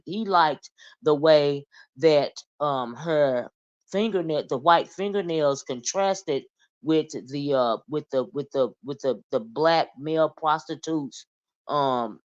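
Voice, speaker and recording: A woman hosting casual gossip commentary, chatty and animated, often calling the listener "child" and "honey". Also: low-pitched, muffled recording. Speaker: commentary vlogger.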